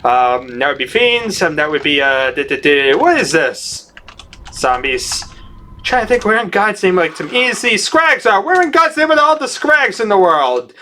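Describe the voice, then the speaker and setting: High-voiced man doing frantic game commentary. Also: very animated, normal speed, rough recording. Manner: shifts from mumbled planning to loud mock panic. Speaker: gaming video host. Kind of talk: gameplay commentary.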